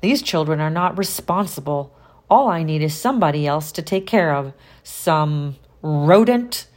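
Stern grouchy schoolteacher, low and cold, voiced by a woman. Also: lively intonation, measured pace, darkish tone. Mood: grumbling. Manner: grumbling, cold. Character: stern grumpy female schoolteacher.

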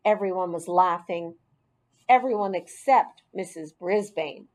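A woman narrating a children's audiobook in a clear, expressive storytelling voice. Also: fairly low pitch, a little slow.

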